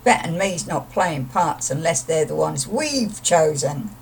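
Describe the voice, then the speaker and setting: A woman's voice: low-pitched, lively intonation, a little slow, creaky, slightly rough, voice pushed down, exaggerated voice. A woman voicing a scrappy, cheeky male rat in a storybook poem, talking in a blunt, combative way, recorded from a distant mic. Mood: belligerent.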